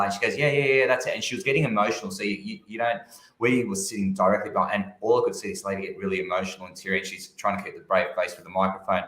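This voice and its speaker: A man's voice: fairly low pitch, fast talker, echoey room. A man co-hosting a casual chat, telling stories and acting out what people said. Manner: animated storytelling, acts out quotes. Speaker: co-host.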